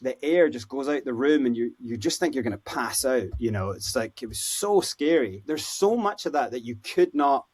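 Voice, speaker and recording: A Scottish man, a podcast guest, telling stories in a casual, animated way and acting out the voices of people he quotes. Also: mid-range voice, normal speed, hardly any pauses. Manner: animated, acts out quoted voices, lots of "you know, like". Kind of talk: casual storytelling interview.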